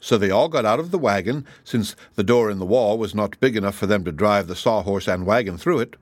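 A man narrating a children's book chapter in a steady, measured reading. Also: on the low side, dry recording. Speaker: audiobook narrator. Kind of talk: scripted narration.

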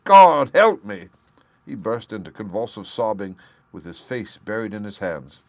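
Male audiobook reader, steady narration, dry close sound. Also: on the low side, normal speed, no room sound. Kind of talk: scripted narration.

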